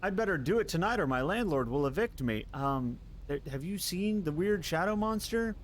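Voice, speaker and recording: Excitable streamer guy, slightly high voice. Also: moderate pace, slight background noise. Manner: excitable, laughs and swears at the game. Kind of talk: casual live gameplay commentary.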